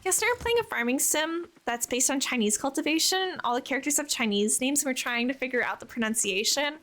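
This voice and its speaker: A woman's voice: high voice, lively intonation, fast talker, fairly bright tone. A young woman chatting casually as a live streamer while playing, bubbly and talkative, answering her viewers.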